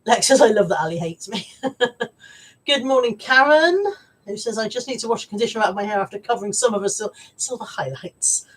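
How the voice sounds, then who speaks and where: A woman's voice: a little high, a little fast, fairly bright tone. A woman hosting a live stream, chatting casually and teasing her viewers with lots of laughs. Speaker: livestream host. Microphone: camera mic on a live stream. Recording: slightly distant from the mic.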